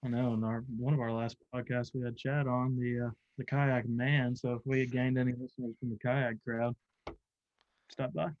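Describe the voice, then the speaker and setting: A man's voice: mid-range voice, level tone, moderate pace, a little mellow, dry recording. Young guy hosting a podcast on a video call, chill and upbeat, lots of uhs, dull muffled audio. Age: young adult. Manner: loose and upbeat, with frequent "uh" fillers. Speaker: podcast host and college angler. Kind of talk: casual podcast chat.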